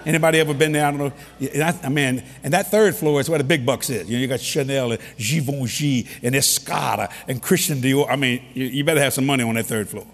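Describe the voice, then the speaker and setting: A man preaching a sermon, telling stories with humor and bursts of shouting. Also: mid-range voice, fast, few pauses, in a large hall. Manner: animated storytelling with humor and sudden shouts.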